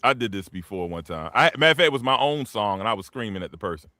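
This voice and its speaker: Animated, slangy man hosting a chat. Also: fairly low pitch, quick pace. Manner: animated, acts out quotes with laughs; slangy and profane. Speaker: podcast host. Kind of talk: casual storytelling chat.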